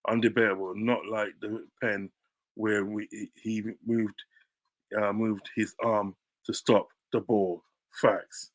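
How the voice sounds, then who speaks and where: A man streaming live as a football fan, ranting in a heated, combative way, repeating phrases and swinging into loud shouts. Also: lowish voice.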